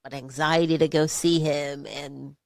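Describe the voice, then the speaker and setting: A woman's voice: sits low, level tone, a little slow, vocal fry, a little mellow, no echo, studio quality. A woman co-hosting a podcast, talking candidly and expressively, often laughing through hard subjects. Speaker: podcast co-host. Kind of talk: casual podcast chat.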